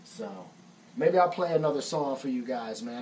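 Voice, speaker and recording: A man's voice: mid-range voice, brisk, a little mellow, distant mic, a little hiss or hum, poor audio. Laid-back American man telling stories. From United States. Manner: laid-back and profane, says "man" often. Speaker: musician and songwriter hosting a live stream. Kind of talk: casual storytelling.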